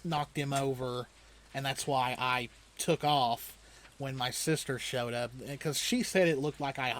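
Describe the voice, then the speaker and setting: A man's voice: medium pitch, slight background noise. A man hosting a let's play, casually telling a long story while he plays a video game, often chuckling and rambling with restarts. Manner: loose, rambling delivery with restarts.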